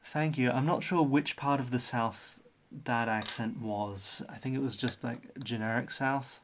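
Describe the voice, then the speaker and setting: Slow-talking, easygoing Australian man. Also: mid-range voice, steady tone. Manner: chatty, muses about accents. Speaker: livestream host. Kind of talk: casual stream chat.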